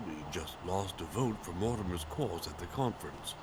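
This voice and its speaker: A composed older statesman speaks in a low, measured and formal manner. He sounds like a president in a story-driven video game. Loud noise runs under the game audio. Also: expressive. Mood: calm.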